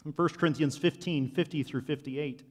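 A man preaching a sermon, swinging from loud proclamation to quiet, confiding asides. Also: a little high, fairly even intonation, moderate pace. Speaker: pastor. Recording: long hall reverb.

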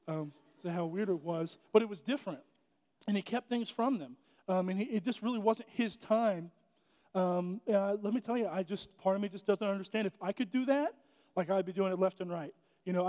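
A man's voice: high voice, brisk, darkish tone. A man preaching a casual sermon in a church, chatty and joking, often restarting his sentences. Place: church sanctuary. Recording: echoey church hall.

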